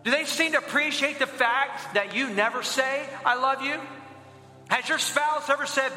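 A man's voice: extremely high pitch, expressive, moderate pace, bright, forceful tone, a little hiss or hum. A young man preaching a sermon as pastor and leading the congregation in call-and-response. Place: church auditorium. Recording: echoey hall with long reverb.

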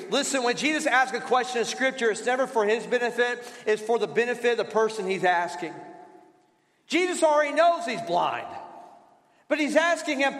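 A man's voice: very high voice, expressive, normal speed, a bit bright. A man preaching a sermon as pastor, in a conversational style with rhetorical questions and repetition. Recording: roomy hall reverb.

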